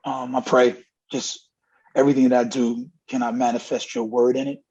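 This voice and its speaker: Here the same kind of speaker, a middle-aged man who coaches college running backs, tells stories in a candid interview, voicing the dialogue earnestly. His medium-pitched voice moves little in pitch, runs at normal speed, and sounds darkish and slightly rough over dull lo-fi audio.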